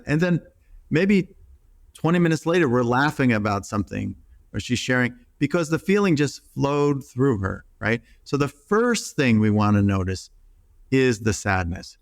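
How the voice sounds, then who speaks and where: A middle-aged man speaks in a middle-pitched voice, earnest and reflective, often restarting his sentences. The sound is close and dry with no room around it. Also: animated, normal speed, no echo. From United States. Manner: earnest, acts out quoted voices, many restarts. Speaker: psychotherapist guest. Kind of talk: reflective interview talk.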